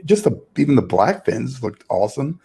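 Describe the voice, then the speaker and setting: A man co-hosting a podcast, talking in an easygoing, agreeable way in quick back-and-forth. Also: mid-range voice, very animated, vocal fry, mellow, breathy edge. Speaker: podcast co-host. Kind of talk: casual podcast chat.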